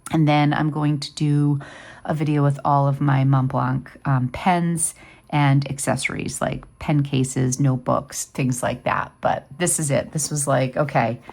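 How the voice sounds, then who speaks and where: A woman's voice: deep voice, steady tone, moderate pace, creaky, a little mellow. A woman in her fifties hosting a vlog, chatting casually and rambling with lots of fillers. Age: 50s. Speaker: vlog host. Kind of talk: casual chat.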